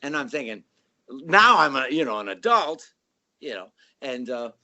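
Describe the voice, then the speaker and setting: Older guest musician, storyteller who does voices, animated delivery. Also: male voice, mid-range voice, moderate pace, lo-fi sound. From Chicago area, USA. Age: 60s. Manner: animated, acts out voices in stories. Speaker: band member guest. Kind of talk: casual storytelling.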